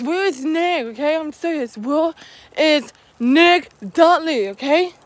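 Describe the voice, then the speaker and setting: High-voiced, jittery woman vlogging on foot. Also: takes it slowly, dry recording. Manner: jittery, rambling, repeats "you guys" often. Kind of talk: walking vlog talking to viewers. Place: outdoors, walking alone.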